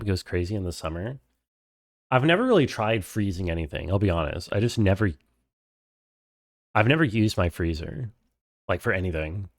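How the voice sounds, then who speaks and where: Lively, chatty male streamer. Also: on the low side, no room sound, clean studio sound. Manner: chatty, reads game dialogue aloud, greets chat. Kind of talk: casual live game playthrough chat.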